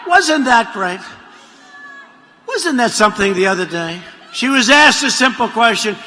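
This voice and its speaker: A man's voice: very high-pitched, animated, unhurried, sharp tone, faint music behind. A man speaking at a political rally, rambling and mocking, repeating his lines and drifting into asides. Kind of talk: rally speech. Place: large rally venue. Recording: reverberant hall audio.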